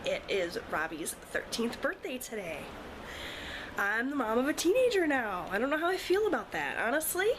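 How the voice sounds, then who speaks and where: A woman's voice: fairly high pitch, very animated, normal speed, a bit bright. A woman in her thirties, a mother, chatting casually to camera in her home kitchen with lots of ums. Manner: chatty, rambling, frequent ums. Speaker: vlogger, mother. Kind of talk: casual vlog talk to camera. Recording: noisy home video recording.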